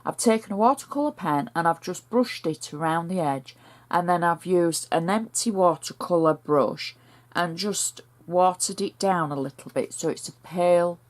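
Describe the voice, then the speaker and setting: A woman's voice: fairly low pitch, normal speed. A woman with a northern English accent talking through a card-making project step by step in a chatty, homely way. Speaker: crafter demonstrating a card project. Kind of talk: step-by-step craft tutorial.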